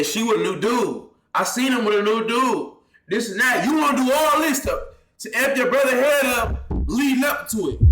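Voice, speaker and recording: Male reaction host, fairly high, bright and forceful voice, slangy and blunt, roomy sound. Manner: blunt, heated street slang with "bro" and "you feel me". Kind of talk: casual reaction commentary.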